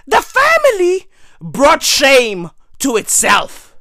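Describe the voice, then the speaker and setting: A hoarse man losing his voice, delivering a loud, slangy comic rant that often breaks into shouting. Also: very high-pitched, animated, a little slow, no echo, clean studio sound.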